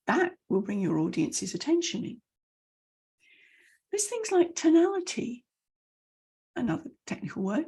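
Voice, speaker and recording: A middle-aged woman teaching voice skills, demonstrating each point by swinging between loud and soft, fast and slow. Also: mid-range voice, sing-song, slightly rough. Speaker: voice and message coach. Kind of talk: online training talk.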